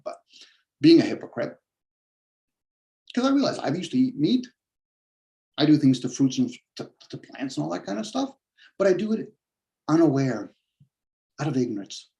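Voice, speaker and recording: A man's voice: a little high, very animated, brisk, pauses often, mellow. A man on a podcast giving a blunt, combative rant, swearing heavily and mocking the objections he imagines from others. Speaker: podcast host. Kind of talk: profane philosophical rant.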